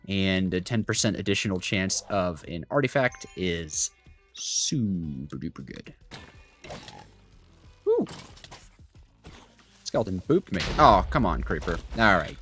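With a deep, slightly bright voice, this young man narrates a let's play as a gaming YouTuber. His commentary rambles, packed with fillers and asides.

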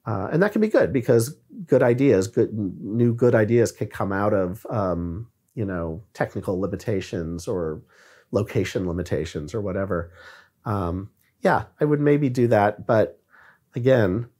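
A filmmaker talking on a podcast in a reflective way, often stopping to search for words. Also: male voice, fairly low pitch, lively intonation, moderate pace, warm tone. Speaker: guest filmmaker. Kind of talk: podcast conversation.

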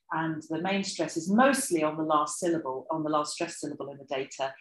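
A woman with a fairly low voice gives an academic talk in a roomy, echoing lecture hall. She speaks in a lively, animated way, with plenty of fillers and asides, and brings her research examples to life with playful swoops of intonation. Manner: acts out intonation examples with expressive pitch. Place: lecture room.

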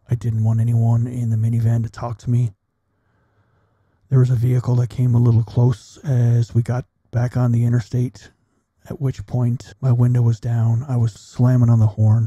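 A middle-aged man and military veteran, a podcast guest, telling a personal story bluntly and with plenty of swearing, in a measured delivery. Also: medium pitch, mellow, slightly rough, no room sound, dull audio.

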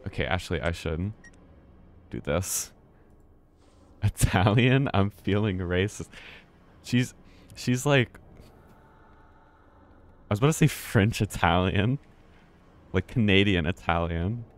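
A man's voice: deep voice, lively intonation, slow, long pauses. A man streaming a game live, chatting casually and rambling, often swearing and laughing. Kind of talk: casual live gameplay commentary.

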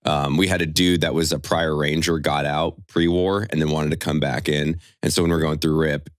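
Brief: deep-voiced male podcast host, deadpan jokey banter, dry close mic. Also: normal speed, dry recording. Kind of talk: casual banter.

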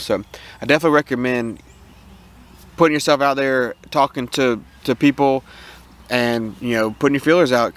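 Out in a yard, a man with a Southern American accent casually vlogs about his homestead, rambling enthusiastically and restarting often. His mid-range voice has a fairly bright tone, and faint outdoor noise sits in the background.

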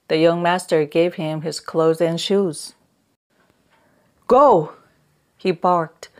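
A woman narrating an audiobook in a slow, measured reading voice. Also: low-pitched, darkish tone. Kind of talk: scripted narration.

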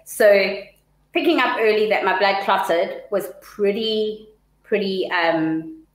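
A woman co-hosting a casual live-stream chat, telling stories in an animated, dramatic way. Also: mid-range voice, slow. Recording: echoey room.

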